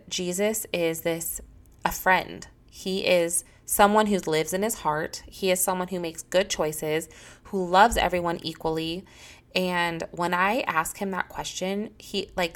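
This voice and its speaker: Woman, thirties, earnest podcast host, lowish voice, heartfelt, acts out talks with her kids. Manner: earnest, heartfelt, quotes her children and herself in dialogue. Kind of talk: solo Christian parenting podcast talk.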